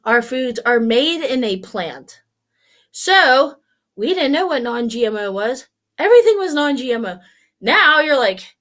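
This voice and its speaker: A woman's voice: high-pitched, fairly bright tone. A woman in her forties talking casually to camera, blunt and swearing freely as she tells stories. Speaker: vlogger.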